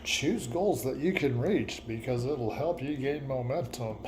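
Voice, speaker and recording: A man's voice: mid-range voice, unhurried, a little mellow, slight background noise. A man vlogging a reflective personal monologue, musing and repeating himself, with laughs at his own words.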